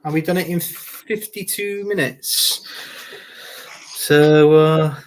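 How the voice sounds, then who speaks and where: A man's voice: fairly high pitch, takes it slowly. A man hosts a football show, reading out viewer comments. He keeps it loose and chatty and laughs often. He repeats his phrases as he goes. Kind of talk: casual live-stream chat, reading viewer comments.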